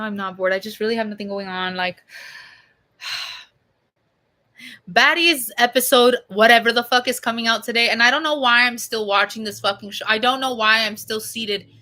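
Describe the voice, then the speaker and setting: A young woman streaming and chatting with viewers in a loose, rambling way, full of swearing and fillers, her voice a bit hoarse from being sick. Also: on the high side, moderate pace, pushed and bright. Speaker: streamer answering chat. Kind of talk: casual rambling chat.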